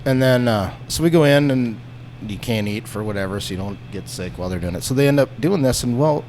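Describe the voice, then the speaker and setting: A man telling a story in a casual podcast chat, animated and profane, acting out the people in it. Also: mid-range voice, brisk, a little hiss or hum. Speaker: podcast guest.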